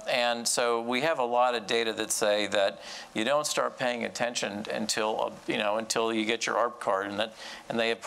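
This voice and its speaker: Male panelist, story-driven, gets loud and animated in the quotes. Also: medium pitch, gravelly. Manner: animated storyteller, voice rises when quoting. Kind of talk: panel discussion with a long anecdote.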